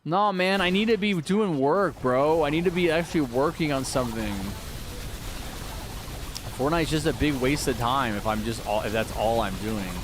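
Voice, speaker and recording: A man's voice: mid-range voice, normal speed, noisy background. Chatty male game streamer. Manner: chatty, reads viewer chat aloud and answers it. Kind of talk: casual live-stream chat.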